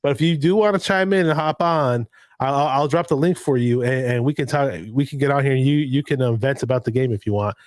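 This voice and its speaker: A man's voice: mid-range voice, quick pace, no echo. Rambling man hosting a late-night livestream. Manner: rambling, jumps from story to story. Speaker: livestream host. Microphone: home streaming mic.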